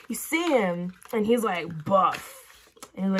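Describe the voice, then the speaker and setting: Her voice is husky and medium-pitched, delivered at a normal speed. She's a young woman doing her makeup at a bedroom vanity under a ring light, vlogging in a chatty, rambling way full of "like" fillers and stray tangents.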